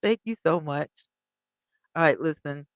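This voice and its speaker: A woman's voice: deep voice, lively intonation, measured pace, no room sound, low-quality recording. A woman host from Alabama, chatting casually on a livestream, reading viewer comments aloud and laughing often. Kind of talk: casual live chat commentary.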